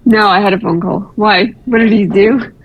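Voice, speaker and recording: A woman's voice: mid-range voice, moderate pace, rough recording. A woman trader chatting casually in a live trading room, teasing and laughing easily.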